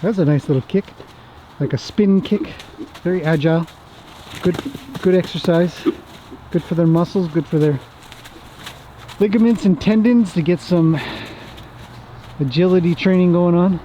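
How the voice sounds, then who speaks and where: A man's voice: high-pitched, moderate pace, pauses often, mellow, slight background noise, low-quality recording. A man, a horse trainer, chatting casually as he works his horses outdoors and talks fondly to them. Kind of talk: casual commentary while working horses.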